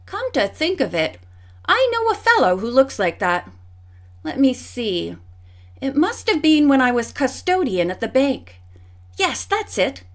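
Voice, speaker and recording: A woman's voice: high voice, sing-song, a little slow. A woman reading an audiobook, voicing a helpful, chatty male museum guard. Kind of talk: audiobook character voice.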